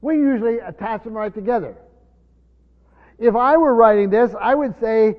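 A man delivers a Bible-teaching sermon like a teacher, often repeating words as he explains and dropping his voice low when reading scripture. He speaks at normal speed with long pauses, in a dull recording made in a hall with long reverb.

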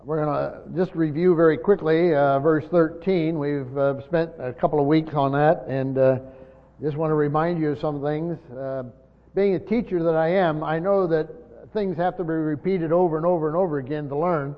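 A man's voice: on the high side, fairly even intonation. Older guy pastor giving a sermon, lots of uh's, teacher vibe, reverb-y dull recording. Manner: teacherly, repeats points, many "uh" pauses. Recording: dull lo-fi sound with long hall reverb.

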